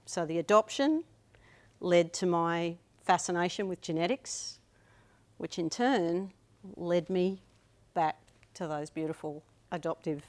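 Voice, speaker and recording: A woman tells a personal story on stage, chatty and amused at herself. She speaks at an unhurried pace, letting sentences trail and restart. Her voice sits a little low for a woman. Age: 50s.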